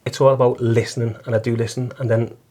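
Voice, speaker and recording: Sharing his testimony in a relaxed interview, a middle-aged taxi driver and volunteer listener from Liverpool speaks earnestly, frequently stumbling and repeating himself. His voice is medium-pitched, mellow and flat, and he talks quickly.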